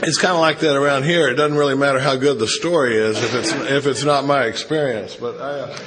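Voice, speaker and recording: A man's voice: medium pitch, fairly even intonation, brisk, crowd noise. A middle-aged man from Dallas, telling his recovery story at a retreat in a rambling, joking way with many restarts. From Dallas, Texas. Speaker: AA speaker. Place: retreat meeting room.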